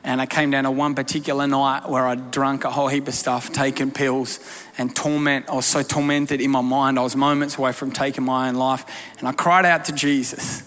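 A man preaching a story-driven sermon in a large church hall, emphatic, shifting between quiet and loud. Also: medium pitch, little pitch movement, brisk. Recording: long hall reverb with faint music.

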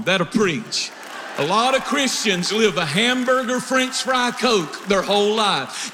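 Male pastor, humorous preacher, high voice, long reverb. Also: pushed and bright. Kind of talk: sermon.

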